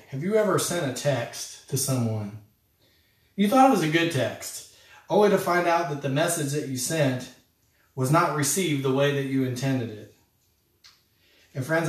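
A man preaching a sermon as a pastor, talking in an earnest, conversational way and addressing listeners as friends. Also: mid-range voice. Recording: echoey room, voice from a distance.

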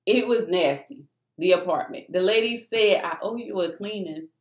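This testimony speaker has a medium-pitched voice and talks at normal speed. In an echoey space, she recounts her personal faith story in an animated, casual way, emphatic throughout and frequently calling out "y'all" to listeners.

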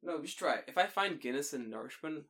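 Animated young British man telling stories. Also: a little high, quick pace. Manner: animated storytelling, laughs often, swears casually. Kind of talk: casual chat.

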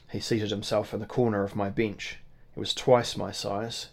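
A man reading a first-person novel aloud in a measured, formal manner. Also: fairly low pitch, little pitch movement. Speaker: audiobook narrator. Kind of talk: scripted first-person narration.

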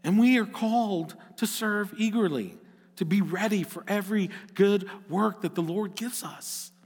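A man's voice: sits high, measured pace, darkish tone, slightly rough, in a large hall. A middle-aged male pastor preaching a sermon, earnest and at times rising to emphatic exhortation.

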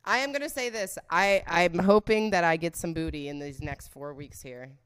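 A woman's voice: fairly low pitch, moderate pace, clear, resonant tone. A young woman chatting casually to her viewers, blunt and crude, swearing a lot and joking about herself. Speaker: solo vlogger. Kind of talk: casual monologue.

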